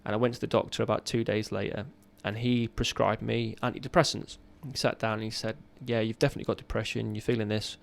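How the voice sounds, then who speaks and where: A man in his thirties, a podcast guest, telling a raw personal story in an earnest, halting way. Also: lowish voice, little pitch movement, creaky.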